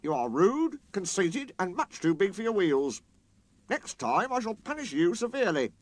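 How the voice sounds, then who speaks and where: A strict railway controller scolds in a severe, clipped voice raised above the reader's usual pitch, as a man puts him on. He speaks firmly and a little loudly, like a stern storybook authority. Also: sing-song, moderate pace.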